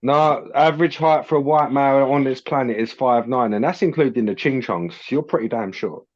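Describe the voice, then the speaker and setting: A man's voice: medium pitch, brisk, muffled recording. An English man chatting casually as a livestream guest, teasing the others with crude insults. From England.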